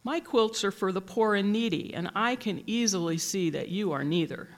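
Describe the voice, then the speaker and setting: A storybook reader voicing a kind old woman quilt maker who speaks softly and steadily. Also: medium pitch, moderate pace, close to an everyday voice. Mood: gentle.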